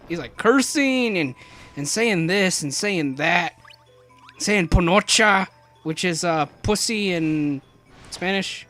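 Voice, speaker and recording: A young man talks his way through a video game in a loose, rambling commentary, stumbling over his words and breaking into jokes. His voice sits somewhat high for a man. Faint game music plays underneath him. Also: slow pace. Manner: rambling, joking, many restarts and fillers; jumps to high excited yelps. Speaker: let's play commentator.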